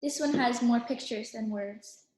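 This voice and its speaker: Lady teacher reading a kids' book, high voice, slow, echoey room. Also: darkish tone. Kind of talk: reading a picture book aloud to young children.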